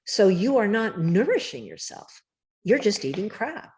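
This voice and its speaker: A woman author talking emphatically and directly in a casual interview, with a slightly rough morning voice. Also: medium pitch, big pitch swings, measured pace, darkish tone. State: morning voice, clearing throat. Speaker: cookbook author guest.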